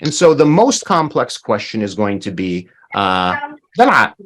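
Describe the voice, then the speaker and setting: A man leads an online language class, his pitch rising and falling in an animated way. He models new words slowly and emphatically, often repeating them so learners can hear each one clearly. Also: a little hiss or hum. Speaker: language teacher.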